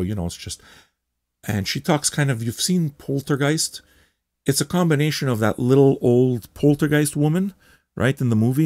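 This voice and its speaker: A man hosting a record review show, chatting casually in an excitable, rambling way with frequent swearing. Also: fairly low pitch, no room sound.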